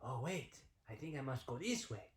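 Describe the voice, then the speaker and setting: A man voicing a five-year-old snake-shaped cube boy, earnest and determined, talking softly and thinking aloud. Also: medium pitch, expressive, moderate pace, echoey room, close to an everyday voice.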